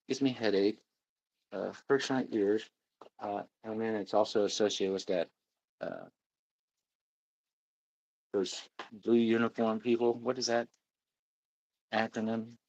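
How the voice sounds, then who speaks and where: A middle-aged man with a gravelly, low voice hosts a laid-back livestream. He rambles from one topic to the next and reads viewer comments aloud. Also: fairly even intonation, measured pace, long pauses, no room sound, dull audio. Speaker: livestream host. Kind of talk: casual livestream chat.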